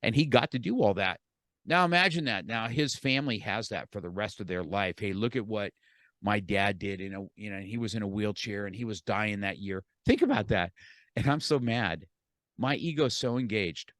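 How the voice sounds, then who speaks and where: A middle-aged man with a lowish voice tells a personal story as a podcast guest, quoting himself and others and repeating words as he goes. The sound is close and dry, with almost no room around it. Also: animated, moderate pace, a bit bright, no echo.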